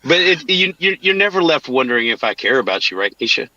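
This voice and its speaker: A man in a casual group chat who speaks haltingly, repeating words as he thinks. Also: mid-range voice, big pitch swings, bright, forceful tone, dry recording. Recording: dry, dull lo-fi audio.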